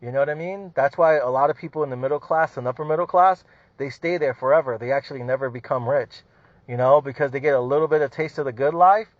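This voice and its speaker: A man's voice: mid-range voice, fast talker, dry recording. A man hosting a podcast, ranting casually with heavy swearing, repeated "you know what I mean" and frequent laughter. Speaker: podcast host. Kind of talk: casual profane rant. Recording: dull lo-fi dry sound.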